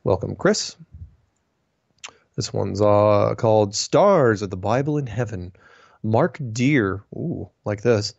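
A man's voice: on the low side, lively intonation, slow pace, vocal fry, darkish tone, dry recording. A man hosting a casual monologue, reading viewer emails aloud and ranting in a chatty, opinionated way with frequent restarts. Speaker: host answering viewer mail. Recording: dull lo-fi sound, dry.

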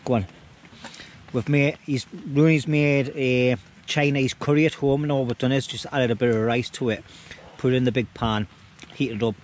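A man's voice: mid-range voice, steady tone, normal speed, a little hiss or hum. A middle-aged man, chatting jokily to a handheld camera outdoors at a wild camp, using dialect slang. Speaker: vlogger on a camping trip. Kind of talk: casual outdoor chat to camera. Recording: outdoor camera audio with loud rain.

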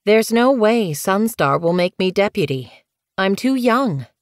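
A woman's voice: mid-range voice, expressive, measured pace, no echo, studio quality, pitched above the performer's own voice, close to an everyday voice. Earnest young she-cat warrior, read by a woman. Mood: doubtful.

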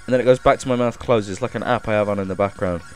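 A man streaming a game live, reading chat aloud and thanking viewers with excitable energy, coughing now and then as if ill. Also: lowish voice, rapid-fire, soft background music.

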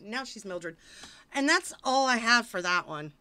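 A woman's voice: a little high, animated, a little slow, pushed and bright, clean tone. Woman streamer, casual livestream reading, wisecracking and mock-exasperated between passages. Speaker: streamer reading fiction aloud.

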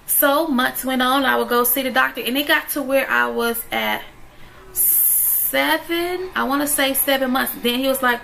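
A woman's voice: high-pitched, measured pace, vocal fry, sharp tone, low-quality recording. A woman, a mother, telling a personal story in a direct, emphatic way, often checking in with her viewers. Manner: emphatic, direct, keeps asking "okay?". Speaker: vlogger, stay-at-home mom. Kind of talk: storytime vlog.

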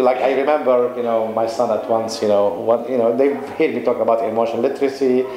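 A man's voice: medium pitch, steady tone, fast talker, mellow, reverberant, low-quality recording. A man chatting casually, laughing as he tells a story about his kids. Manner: chatty, laughing, many fillers. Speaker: guest speaker. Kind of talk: conversational talk.

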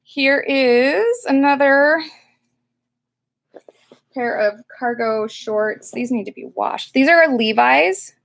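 A woman's voice: high voice, lively intonation, slow pace, gravelly. A woman chatting casually through a thrift haul video, rambling with lots of fillers and restarts. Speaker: thrift reseller vlogger.

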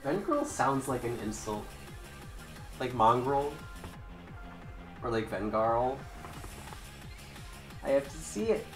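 A woman streaming a game with casual commentary, excitable and swearing, breaking into mock-angry yelling. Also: very deep voice. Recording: roomy with faint background music.

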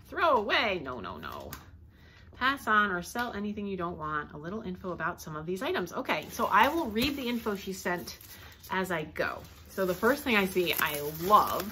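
A woman's voice: on the low side, fairly bright tone, slight background noise. A woman vlogging at home as she unboxes mailed gifts, gasping and exclaiming over each item. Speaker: thrift vlogger opening mail. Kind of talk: casual unboxing chat. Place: home, indoors.

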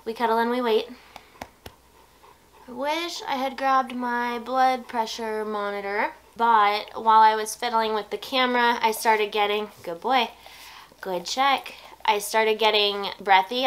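A woman lying down at home and talking to a nearby camera in a casual vlog. She explains each step calmly and keeps breaking off to praise her dog softly. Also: fairly high pitch, a little slow. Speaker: vlogger filming her service dog. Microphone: camera set low nearby.

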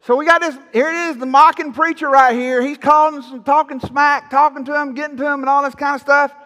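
A man preaching with a high, ringing tone, his bright and forceful delivery carried through a church. He is folksy and playful, teasing his listeners between points. The sound trails off in the long reverb of a big sanctuary. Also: steady tone, fairly quick. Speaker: pastor. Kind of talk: sermon.

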